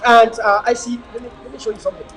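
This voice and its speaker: A man's voice: extremely high pitch, level tone, rapid-fire, a bit bright, faint music behind, rough recording. A man with a Cameroonian English accent, talking casually to viewers as a motivational speaker, repeating words for emphasis and filming outdoors on a phone. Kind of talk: casual livestream talk to viewers. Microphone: phone camera he turns himself.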